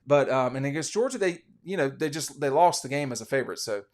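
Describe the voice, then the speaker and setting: A fast-talking man with a mid-range voice and lively intonation hosts a casual college football podcast. He gives rambling, opinionated betting commentary and keeps restarting his sentences.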